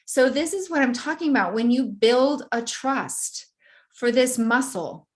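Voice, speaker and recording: A woman guest in an interview, telling a personal story in a vivid, animated way and often laughing. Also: high voice, a little slow.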